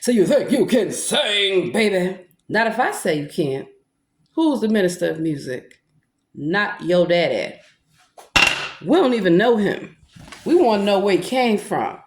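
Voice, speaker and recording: Speaking a little slowly with long pauses, this self-styled preacher uses a mid-range voice that swings widely in pitch. She is a woman with a Black way of speaking, and her confrontational monologue is aimed squarely at those accusing her, sometimes bursting into gospel-style song. There's roomy echo, background music, and a faint hiss or hum.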